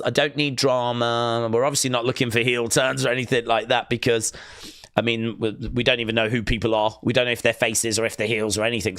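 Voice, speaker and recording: Male streamer, mid-pitched, dry close mic, rambling and reading out chat. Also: a bit bright, no room sound. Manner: chatty, reads viewer comments aloud. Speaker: live stream host. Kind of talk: casual watch-along chat.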